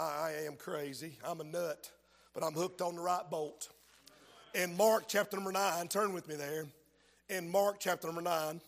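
A male preacher delivers a fiery revival sermon in a very high, ringing voice. He shouts his points and reads old scripture aloud. His voice carries a long reverb through the church sanctuary. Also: vocal fry.

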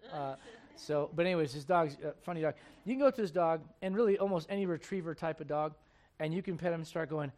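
High-voiced man preaching emphatically. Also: animated, brisk, darkish tone. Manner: emphatic, asks the congregation questions; reads scripture aloud in old wording. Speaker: pastor. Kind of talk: sermon.

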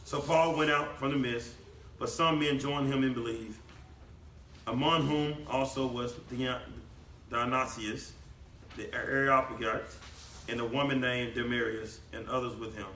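A man preaching a sermon in a church hall, emphatic, swinging between loud declamation and low quiet passages. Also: fairly even intonation, a little slow, recorded from a distance, a little hiss or hum. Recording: echoey room, voice from off the mic.

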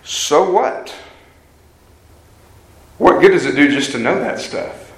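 A pastor preaches with earnest emphasis, often putting questions straight to his congregation. His voice sits a bit high for a man. The sound carries a roomy echo, as if caught in a church hall. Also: takes it slowly. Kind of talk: sermon. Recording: echoey church room.

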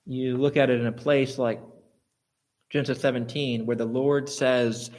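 A man preaching a sermon, asking his listeners rhetorical questions and building to emphatic, louder peaks. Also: medium pitch, fairly even intonation, moderate pace.

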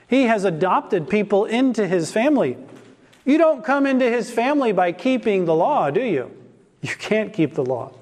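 A man's voice: high voice, big pitch swings, normal speed, a little mellow, long reverb tail. A man preaching an expository sermon in a church, asking rhetorical questions and stressing key words.

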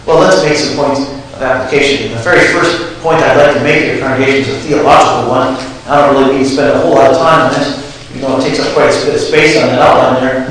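A man preaching to his congregation, his slightly raised voice climbing into loud, fervent exclamations. He is heard from across a church sanctuary. The room rings with a long, hollow echo. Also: fairly high pitch, a little hiss or hum. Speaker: pastor. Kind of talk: sermon. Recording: echoey hall, far from the mic.

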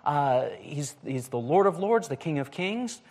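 A man's voice: a little high, lively intonation, measured pace, a little mellow. A man preaching a conversational sermon, speaking casually with frequent fillers and restarts.

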